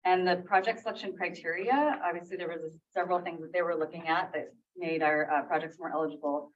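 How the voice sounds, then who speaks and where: Her voice is on the low side, fairly even in intonation and fairly quick. She works at the library and gives a casual update at a public meeting, self-correcting and laughing off errors, heard through distant, dull lo-fi audio from the meeting room.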